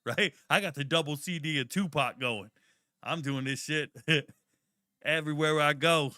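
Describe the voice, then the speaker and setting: A young man hosting a live draft watch party, chatting casually and telling stories in a slangy, profane, animated way with sudden loud outbursts. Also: a little high, a little fast, no room sound, studio quality. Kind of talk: casual live commentary and storytelling.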